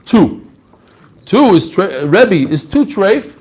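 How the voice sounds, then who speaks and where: A man teaching a lively Talmud class, mixing in Hebrew and Aramaic terms and acting out the rabbis' answers. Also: high-pitched, takes it slowly, slightly rough. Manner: animated, mixes Hebrew and Aramaic terms, acts out quoted answers.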